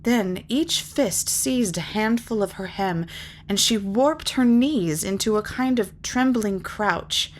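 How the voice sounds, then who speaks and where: A woman reading a fantasy novel aloud in measured, lyrical narration. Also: mid-range voice, a little hiss or hum. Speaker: reader. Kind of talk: audiobook narration.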